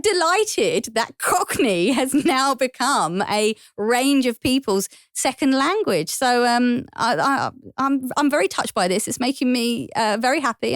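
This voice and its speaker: East london woman, podcast guest, high swoopy voice, laughs a lot, dry close mic. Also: dry recording. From England. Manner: animated storytelling, laughs often. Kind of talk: casual chat.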